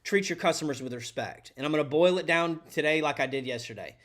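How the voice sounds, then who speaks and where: A man's voice: on the high side, fast talker, a bit bright. A man hosting a podcast, giving earnest, preachy advice to tradespeople and calling the listener his friend. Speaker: podcast host and electrician coach. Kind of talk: motivational talk to tradespeople.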